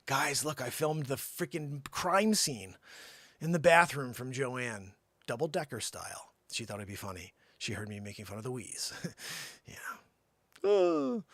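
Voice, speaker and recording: A man hosting a call-in comedy livestream in a high, bouncy voice. He rambles through jokes and keeps teasing an off-screen helper. The sound is dry and close. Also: fairly bright tone, no room sound. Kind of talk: joking livestream banter.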